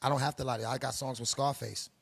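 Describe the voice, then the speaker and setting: A middle-aged man from Harlem with a New York accent talks in a gravelly, husky voice. He lectures in an interview with streetwise slang and emphatic, preachy conviction. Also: medium pitch, fairly even intonation, very fast, fairly bright tone. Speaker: production company head. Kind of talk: interview, casual monologue.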